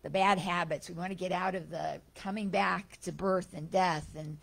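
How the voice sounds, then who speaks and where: A woman giving a Sunday spiritual talk, telling stories in a chatty, animated way. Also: fairly low pitch, normal speed, vocal fry. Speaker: guest speaker at a spiritual center.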